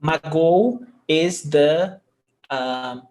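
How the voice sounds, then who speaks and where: A man's voice: a little high, drawn-out words, a little mellow. A man, teaching a language class and patiently repeating example words. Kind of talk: live online class.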